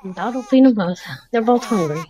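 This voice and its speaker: Her voice is on the high side with lively intonation and a moderate pace, against a noisy background. A woman in her forties, she chats casually while gaming at home, addressing the characters and her dog as she plays.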